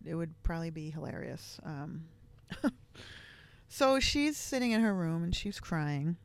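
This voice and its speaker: A woman's voice: fairly low pitch, a little mellow, no echo. A woman hosting a podcast, telling a personal family story in a candid, reflective way with many casual fillers. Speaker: podcast host.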